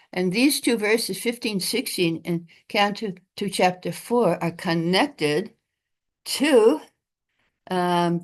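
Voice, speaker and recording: Low-voiced woman teaching a scripture class. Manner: unhurried, pausing often between phrases. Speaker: class speaker. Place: temple.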